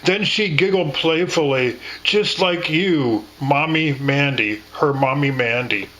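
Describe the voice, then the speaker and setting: Man, very slow and deliberate, bright sharp tone, earnest. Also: fairly high pitch, rough recording. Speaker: grieving father. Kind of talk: intimate spoken conversation.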